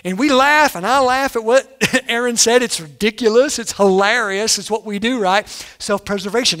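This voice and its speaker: Man, pastor preaching, high-pitched, animated delivery, loud emphatic punches. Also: moderate pace. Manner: animated, acts out quotes, sudden loud emphasis. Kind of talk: sermon.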